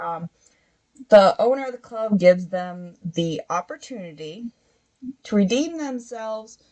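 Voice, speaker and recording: A woman's voice: medium pitch, a little mellow, low-quality recording. A woman hosting a casual book review podcast, retelling the plot in a rambling way with many fillers.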